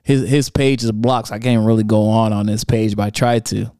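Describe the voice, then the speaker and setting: This young podcast host, working solo, recaps an online spat with lively storytelling, laughing and using slang as he reads out comments from social media. He speaks on the low side, a little fast, in a smooth tone. The recording is clean studio sound without any room ambience.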